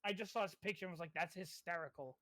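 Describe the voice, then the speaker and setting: A man playing a tabletop game, excitable, laughing often and swearing casually. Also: high voice, quick pace, no room sound. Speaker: player.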